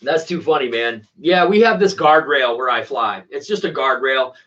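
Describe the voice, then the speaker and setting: On his casual RC plane channel, a man talks with viewers in loose slang, responding to their messages at a moderate pace. His mid-range voice has a fairly bright tone, though the recording comes across distant and muffled, with a lo-fi quality.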